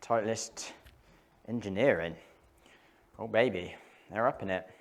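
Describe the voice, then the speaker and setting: This is a man testing golf clubs indoors, offering relaxed commentary as he reacts to each hit and muses between shots. He has a voice on the low side and a measured pace.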